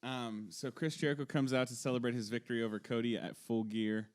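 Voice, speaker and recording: A man's voice: mid-range voice, steady tone, fairly quick, smooth. A man co-hosting a podcast, chatting casually and cracking offhand, wry jokes. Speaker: podcast co-host. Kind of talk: casual chat recapping wrestling.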